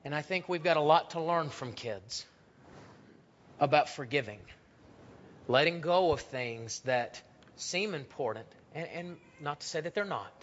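A man's voice: medium pitch, a little hiss or hum. Man preaching a sermon, lo-fi recording. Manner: storytelling, acts out voices in quotes, swings from loud to hushed. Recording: dull lo-fi recording.

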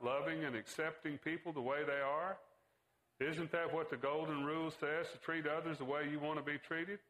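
A man's voice: a little high, pushed and bright, pitched above the performer's own voice, low-quality recording. A man reading as an indignant teenage son. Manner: pointed rhetorical questions. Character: teenage boy, earnest and accusing son.

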